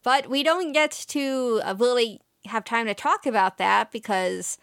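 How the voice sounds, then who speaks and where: Woman podcast co-host, casual anime recap, smooth voice, dry close sound, emotional and filler-heavy. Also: on the high side, unhurried, fairly bright tone, no room sound. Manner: chatty and emotional, with many fillers and quoted lines. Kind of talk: casual chat.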